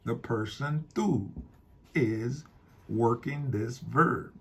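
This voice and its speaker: A man teaching a Spanish grammar lesson, explaining slowly and repeating key points. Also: mid-range voice, fairly bright tone, breathy edge. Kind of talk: classroom-style grammar lesson.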